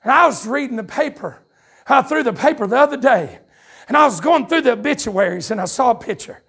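A man with a Southern US accent preaching a revival sermon to a congregation at a church camp meeting, telling a story that builds into fervent shouted preaching. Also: very high voice, animated, a little fast, gravelly, husky. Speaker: pastor.

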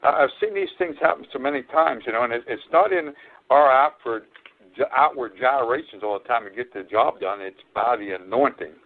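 A man's voice: medium pitch, moderate pace. Man preaching over a tinny phone line. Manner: earnest, repetitive exhortation with frequent fillers. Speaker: evangelist radio preacher. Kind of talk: sermon.

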